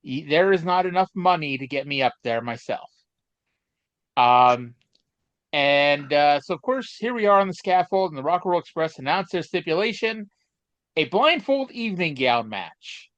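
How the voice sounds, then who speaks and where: Rambly podcast guy, lots of ums, kinda high voice, dull dry sound. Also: expressive, normal speed, a bit bright, no room sound. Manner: rambling, hesitant storyteller with many fillers. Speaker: podcast co-host. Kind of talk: casual chat.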